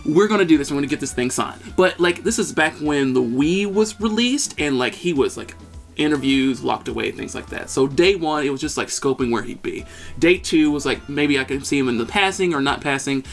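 A man in his thirties co-hosting a podcast, telling a story in an animated, excitable way. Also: fairly high pitch, normal speed, gravelly, soft background music. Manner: animated, excitable, shouts at peaks. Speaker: podcast co-host. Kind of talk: casual storytelling chat.

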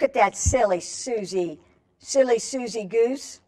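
A woman's voice: mid-range voice, expressive, unhurried. A woman reading a picture book aloud to children, coaxing them to join in with stretches and animal calls. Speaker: children's storyteller.

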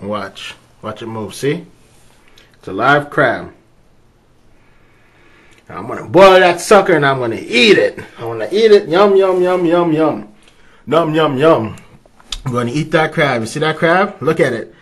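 A young man vlogging casually from his kitchen sink, excitable and profane, talking to his dog and the camera. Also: medium pitch, moderate pace, long pauses. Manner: excitable, profane, talks to a pet. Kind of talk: casual handheld vlog.

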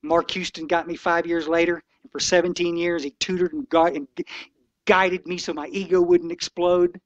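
A man's voice: a little high, level tone, moderate pace, no room sound, muffled recording. A man in his sixties giving an impassioned, folksy talk to a recovery meeting, preachy and blunt.

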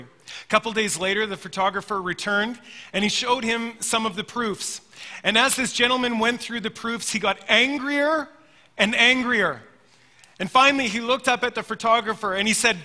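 High, bright-voiced preacher in a reverberant hall. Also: male voice. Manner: earnest storytelling, addresses listeners as friends. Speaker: pastor. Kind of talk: sermon.

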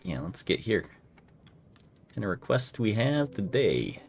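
A man's voice: fairly low pitch, takes it slowly, creaky, pauses often, faint music behind. A man playing a game and commenting casually, thinking aloud as he decides. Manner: relaxed, thinking aloud, trailing off. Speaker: gaming channel host. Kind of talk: let's play commentary.

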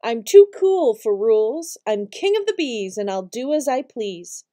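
A cocky young male bee, as a woman puts him on, bragging in sing-song rhymes for a storybook. The voice sits fairly high yet sounds soft and mellow rather than bright. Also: sing-song, a little slow. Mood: boastful. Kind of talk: storybook reading.

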